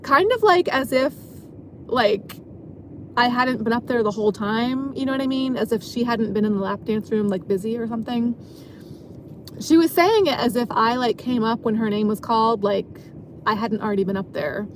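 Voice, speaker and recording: A woman's voice: on the high side, fairly quick, slight background noise. A woman casually telling a long story from her job as a dancer, rambling and filling her sentences with "like". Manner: rambling, filler-heavy, frequent "like".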